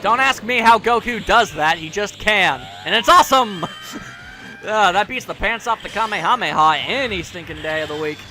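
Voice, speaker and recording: A man's voice: high-pitched, animated, normal speed, sharp tone, a little hiss or hum. A man hosting a let's play, commentating with goofy jokes and taunting the enemy. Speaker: gaming channel host. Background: faint game music.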